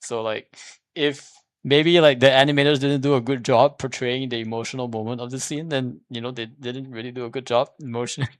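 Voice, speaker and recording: A man's voice: mid-range voice, steady tone, fairly quick, dry recording. A man streaming casual commentary, arguing a point in a rambling way with many restarts and fillers. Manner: repeats "here's the thing" when making a point.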